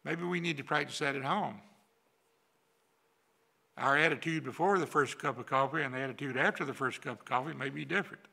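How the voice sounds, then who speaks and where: An older pastor with a drawl preaches in a church sanctuary, his voice gravelly and a bit husky. The tone is bright and tense, and he drives his points home with folksy repetition. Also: mid-range voice, brisk. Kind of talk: sermon.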